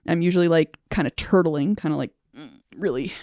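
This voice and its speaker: A woman speaking as a speech-language pathologist, explaining a personal experience to camera in a reflective, halting way, with frequent fillers, restarts and soft nervous laughter. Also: deep voice, no echo, studio quality.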